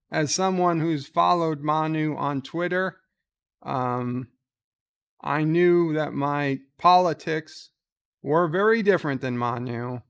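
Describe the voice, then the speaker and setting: A man giving slow, halting casual commentary, reading out posts and answering them with many ums and uhs. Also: on the high side, creaky, smooth. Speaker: YouTuber reading and answering tweets.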